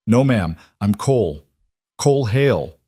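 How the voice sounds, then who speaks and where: Brief: a man reading a solemn storybook cowboy, deep and roughened, gentle, dry close sound. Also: animated, unhurried, no room sound. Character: quiet, grieving cowboy about thirty.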